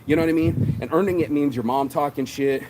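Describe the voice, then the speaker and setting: A middle-aged man hosting a morning motivation show, talking fast and profane, calling everyone "bro". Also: fairly high pitch, background noise. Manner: profane, energetic, says "bro" a lot. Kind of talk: fired-up casual motivational rant.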